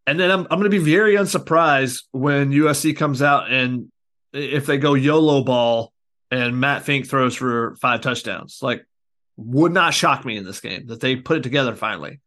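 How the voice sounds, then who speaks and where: A man's voice: medium pitch, moderate pace, fairly bright tone. Easygoing male sports podcast co-host. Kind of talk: casual sports podcast chat.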